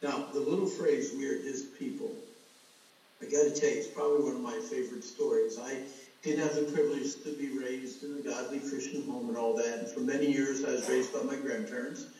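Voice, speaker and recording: A man's voice: mid-range voice, dark tone. A middle-aged man preaching a sermon, telling a personal story earnestly and calling his listeners folks. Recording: echoey hall, voice from far off.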